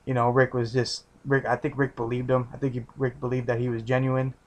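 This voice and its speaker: Man rambling through a flat-toned recap. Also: medium pitch, a little fast. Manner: rambling, with many restarts and casual swearing. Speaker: TV episode reviewer. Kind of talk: casual episode recap.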